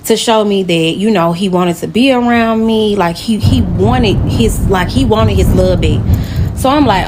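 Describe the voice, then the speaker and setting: Animated woman telling a personal story. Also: mid-range voice, a little hiss or hum. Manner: animated, emotional, talks straight to viewers. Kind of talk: casual storytime to camera.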